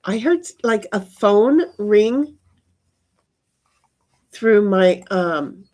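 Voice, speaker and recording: Casting: woman live-streaming outdoors, loose rambly chat, mid pitch, casual swearing. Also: lively intonation, slow, darkish tone. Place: backyard outdoors.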